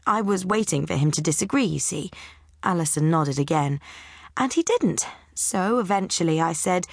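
A woman narrates a novel in the first person with a measured, wry delivery. Her voice is lowish and slightly husky. The recording is close and dry. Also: animated, dry recording. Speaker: audiobook narrator.

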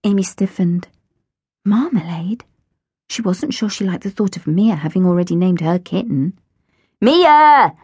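A woman narrating a children's audiobook in a gentle, expressive storytelling voice, recorded close in a studio. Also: fairly low pitch, a little fast, few pauses, slightly rough, no echo. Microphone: close studio microphone.

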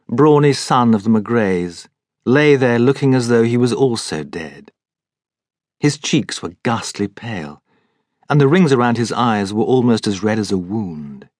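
A man reading an audiobook in measured, scripted narration. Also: on the low side, a little mellow, husky, dry recording, studio quality. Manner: measured storytelling.

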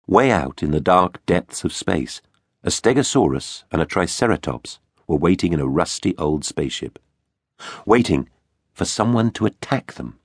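Deep-voiced theatrical male storyteller. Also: lively intonation, normal speed, husky, dry recording. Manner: theatrical, playful storytelling with big swings. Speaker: audiobook narrator. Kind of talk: children's audiobook narration. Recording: dry studio booth.

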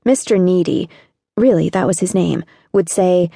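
A woman's voice: fairly low pitch, moderate pace, vocal fry, dark tone, husky, dry recording, studio quality. A woman narrating an audiobook in the first person, in a wry, sardonic teenage voice.

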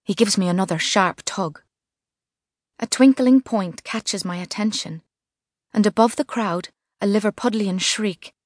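A woman reading a first-person novel as narrator, measured and vivid. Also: medium pitch, no echo, clean studio sound. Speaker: audiobook narrator. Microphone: studio mic.

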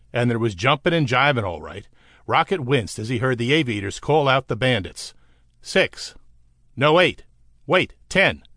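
A man narrating an adventure audiobook in a steady, vivid storytelling manner. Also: medium pitch, dry recording, studio quality. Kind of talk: scripted narration.

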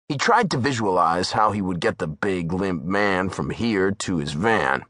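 A man's voice: low-pitched, expressive, normal speed, hardly any pauses, fairly bright tone, no echo, clean studio sound. A man narrating a thriller audiobook with tense, dramatic storytelling. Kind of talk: scripted narration.

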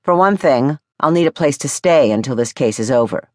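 A woman narrator voicing a blunt, reserved detective who states things plainly and briefly. The storybook delivery still moves with lively pitch, recorded dry and close. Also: moderate pace, no echo. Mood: matter-of-fact. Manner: terse, matter-of-fact. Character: blunt, reserved male detective investigating a murder. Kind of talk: audiobook character voice.

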